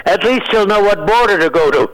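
Man, 90s, comic radio guest: high voice, rambling jokes, hunting for words. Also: animated, brisk, a bit bright, poor audio. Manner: rambling, joking, searches for words, laughs at own jokes. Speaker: comedian guest. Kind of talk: casual joking chat.

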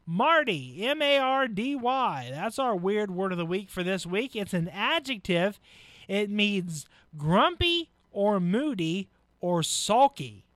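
A man hosting a live local radio show, casual and folksy, chuckling, with filler pauses. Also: sits high, sing-song, a bit bright, dry recording. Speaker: radio host. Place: radio studio.

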